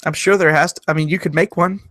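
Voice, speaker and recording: A man's voice: a little high, fairly even intonation, a bit bright, no room sound. A young man co-hosting a podcast in casual chat, teasing and opinionated. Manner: teasing, opinionated, talks in quick bursts. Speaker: podcast co-host.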